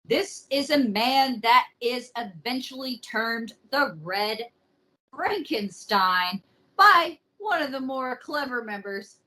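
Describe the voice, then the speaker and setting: A woman's voice: fairly high pitch, expressive, sharp tone, poor audio. A woman hosting a podcast, telling a true story in a casual, joking way with some swearing. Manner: slow, joking, swears freely.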